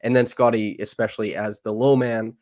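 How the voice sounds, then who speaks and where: Guy podcast host, lowish voice, dry close sound, nerding out on basketball fast and eager. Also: flat delivery, a little mellow, no echo. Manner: fast, enthusiastic breakdown with fillers. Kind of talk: casual basketball analysis chat.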